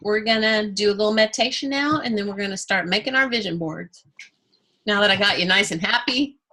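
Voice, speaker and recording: A woman's voice: medium pitch, fairly quick, pushed and bright, slight background noise, low-quality recording. A woman from Texas leading a group art workshop and guided meditation, encouraging and upbeat. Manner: upbeat, encouraging, often laughing. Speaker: art class instructor. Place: indoor class room with a group.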